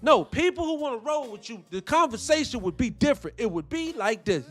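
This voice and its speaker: A man's voice: very high voice, very animated, quick pace, hardly any pauses, fairly bright tone, soft background music. A man hosting a commentary show, ranting in a heated, profane, preaching way. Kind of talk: live-stream commentary with viewer shout-outs.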